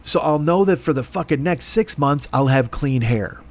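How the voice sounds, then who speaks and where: Male podcast host, slightly high voice, animated profane comic monologue. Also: moderate pace. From grew up poor. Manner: profane, animated, self-mocking. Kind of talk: comedic storytelling monologue.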